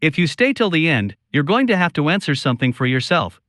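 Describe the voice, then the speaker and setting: A man narrating a scripted first-person story in a slow, solemn, confiding way. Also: fairly high pitch, very animated, fairly bright tone, no room sound, studio quality.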